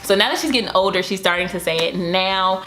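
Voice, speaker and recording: A woman's voice: medium pitch, fast, sharp tone. A young woman talking casually about raising her toddler in a home vlog, chatty and upbeat, with cheering bursts. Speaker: mom vlogger.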